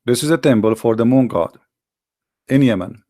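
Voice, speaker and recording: A man's voice: medium pitch, moderate pace, warm tone. A man with giving a combative religious talk, firing rhetorical questions in a mocking tone. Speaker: Christian apologetics presenter.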